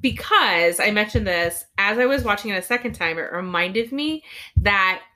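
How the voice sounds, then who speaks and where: A woman podcast co-host from Southern California, a parent, chatting casually and quickly about a cartoon episode. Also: mid-range voice. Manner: chatty, animated, quick retelling with acted-out quotes. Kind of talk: casual chat recapping a cartoon.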